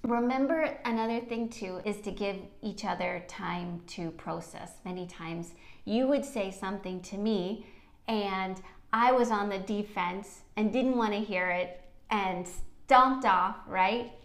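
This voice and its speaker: A woman's voice: medium pitch, a little slow, gravelly. A middle-aged woman co-hosting a podcast, encouraging and affirming as she talks about marriage. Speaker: podcast co-host. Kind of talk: casual chat. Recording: echoey room.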